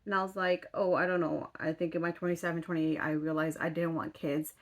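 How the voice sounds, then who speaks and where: Woman, thirties, lower voice, casual vlog chat, exasperated, swears, filler-heavy. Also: level tone, brisk. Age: 30s. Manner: chatty, exasperated storytelling full of fillers. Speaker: vlogger.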